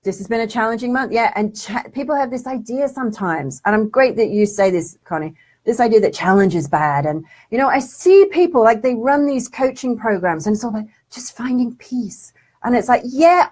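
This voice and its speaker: A woman's voice: mid-range voice, a little mellow. A woman hosting a casual live stream, reading out viewer comments in a chatty, affectionate way and calling viewers darling. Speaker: spiritual development teacher hosting a live stream.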